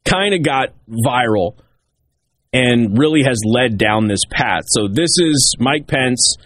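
A talk show host delivering political commentary in an emphatic way, hammering key points by repeating them. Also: male voice, medium pitch, animated, slow, a bit bright, dry recording.

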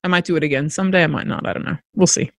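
Candid woman with a gravelly voice. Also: low-pitched, very fast, no echo. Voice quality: creaky, gravelly texture. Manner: candid, reflective, with frequent restarts. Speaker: podcast host. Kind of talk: personal storytelling monologue.

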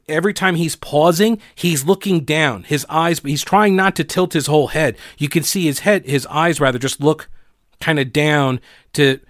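A man's voice: fairly high pitch, no room sound, studio quality. A man hosting a political commentary show, talking in a sarcastic, mocking way with frequent restarts. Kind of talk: opinionated commentary.

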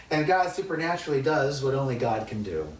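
A man's voice: medium pitch, expressive, normal speed, a little hiss or hum. A man teaching a Bible study lesson in a conversational, emphatic way, often asking rhetorical questions. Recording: roomy, distant mic with faint ambience.

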